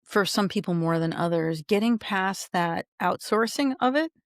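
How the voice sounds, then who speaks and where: A woman's voice: medium pitch, expressive, normal speed, no echo, studio quality. A woman hosting a podcast, reflective and thinking aloud as she talks with her guest. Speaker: podcast host. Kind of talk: casual interview chat.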